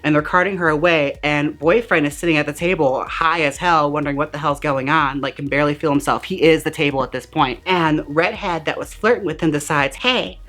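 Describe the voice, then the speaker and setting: A woman's voice: low-pitched, brisk, hardly any pauses, fairly bright tone, soft background music. A woman giving a campy, comedic movie recap in a sassy, slang-filled way, acting out the characters' lines as she goes. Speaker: movie reviewer.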